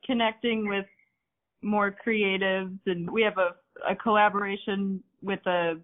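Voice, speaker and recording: Brief: low-key co-owner guest, soft delivery, tinny phone-band sound. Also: female voice, level tone, measured pace. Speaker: podcast guest, business partner. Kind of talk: casual interview.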